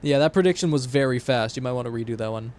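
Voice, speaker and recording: A man streaming a game, talking in an excitable, rambling and jokey way to his chat. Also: medium pitch, fast. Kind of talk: gaming livestream chat.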